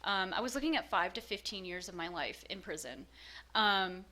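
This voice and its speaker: A woman's voice: mid-range voice, animated, moderate pace, bright, forceful tone. A woman telling her own story in a frank, self-mocking way, with lots of fillers. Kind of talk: candid personal storytelling.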